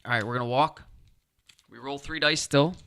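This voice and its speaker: A man's voice: mid-range voice, fairly even intonation, moderate pace, sharp tone, smooth. A man talking himself through a solo board game playthrough, chatty and upbeat as he explains each move.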